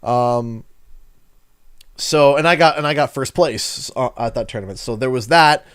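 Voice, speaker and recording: A young man with a Canadian accent talks to his livestream audience at a middle pitch. He rambles in a friendly way, loops back on himself, and tells stories in a casual, chatty tone. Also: a little slow, a bit bright, clean tone. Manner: rambling, friendly storyteller who acts out quotes. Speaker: gaming streamer.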